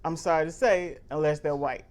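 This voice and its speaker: A woman co-hosting a casual discussion, blunt and quick to laugh. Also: sits low, fairly even intonation, darkish tone. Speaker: podcast co-host.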